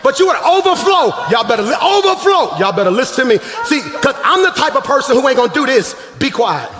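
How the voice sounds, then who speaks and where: A man preaching a sermon as pastor, shouting and half-singing his lines, calling out to the congregation from the stage. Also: extremely high pitch, animated, fast talker. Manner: shouting, sing-song preaching with crowd call-outs. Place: large church hall. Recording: echoey live church hall.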